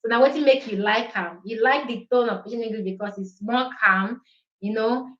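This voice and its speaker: A woman's voice: a little high, moderate pace, a bit bright, roomy sound, lo-fi sound. A Nigerian woman whose first language is Igbo, hosting a casual live-stream chat and mixing English, Pidgin and Italian in a chatty way.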